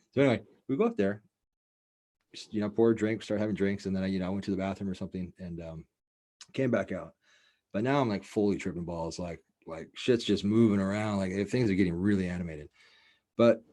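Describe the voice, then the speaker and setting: A man's voice: on the low side, dark tone. A man hosting a show, telling a story in a loose, rambling, profane way with lots of fillers. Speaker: show host. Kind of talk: casual storytelling.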